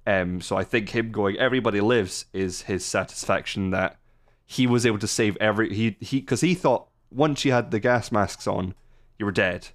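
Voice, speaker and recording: A man co-hosting a podcast, talking casually and making his points in a measured way. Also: lowish voice. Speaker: podcast co-host. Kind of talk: casual chat.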